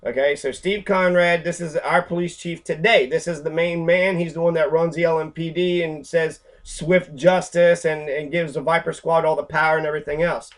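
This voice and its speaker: Heated profane man with a higher voice. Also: fairly even intonation, moderate pace, hardly any pauses. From Louisville, Kentucky. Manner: heated, profane, rambling, with many fillers. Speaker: activist lecturer. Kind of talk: angry profane talk over pictures.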